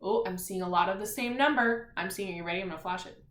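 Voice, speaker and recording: A woman's voice: mid-range voice, quick pace, a bit bright. A woman teaching a spelling lesson to young children, patient and encouraging, sounding words out letter by letter. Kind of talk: slow, clear remote spelling lesson for children. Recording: echoey room.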